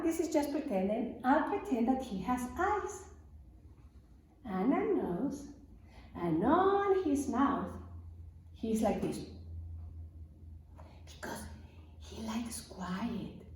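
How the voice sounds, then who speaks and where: A woman's voice: high-pitched, slight background noise. Sing-song woman teaching music to small children. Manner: slow, sing-song, encouraging call-and-response. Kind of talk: lesson for young children. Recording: echoey room, mic far off.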